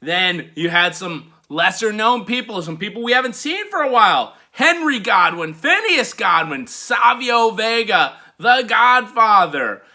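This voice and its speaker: A man's voice: high-pitched, sing-song, unhurried, few pauses, bright, forceful tone. A man hosting a podcast, giving a laid-back, chatty wrestling recap. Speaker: podcast host.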